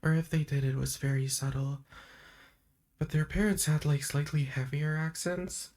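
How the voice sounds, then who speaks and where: Slow, soft-spoken woman streamer. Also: deep voice, gravelly. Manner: meandering, chatty, laughs often. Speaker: livestream host. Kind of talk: soft-spoken ASMR chat. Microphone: streaming microphone.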